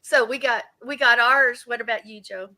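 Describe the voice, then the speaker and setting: Brief: woman around sixty, bright and a touch high, animated co-host telling stories. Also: moderate pace, rough recording. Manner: animated storytelling with frequent restarts. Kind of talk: casual chat.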